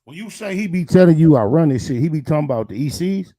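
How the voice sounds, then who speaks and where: Mellow man hosting a casual interview. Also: on the high side, animated, fast. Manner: hypes up the guest, prompting questions. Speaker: interview host.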